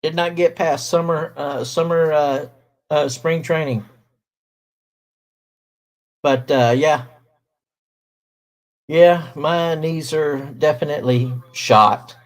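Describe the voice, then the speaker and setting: A middle-aged man, hosting a casual livestream, talking slowly with many fillers as he greets viewers in chat. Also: a little high, steady tone, low-quality recording. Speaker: livestream host reading chat.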